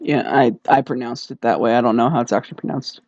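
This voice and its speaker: A man's voice: medium pitch, fast talker, creaky, darkish tone, dry recording. A man co-hosting a podcast in casual chat, laughing often and swearing casually. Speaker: podcast co-host. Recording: dull lo-fi dry sound.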